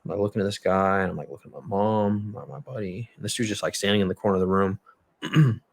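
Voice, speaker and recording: Low, gravelly man telling a story. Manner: blunt, profanity-laden, halting storytelling. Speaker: podcast guest. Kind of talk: storytelling in a conversational interview. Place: podcast studio.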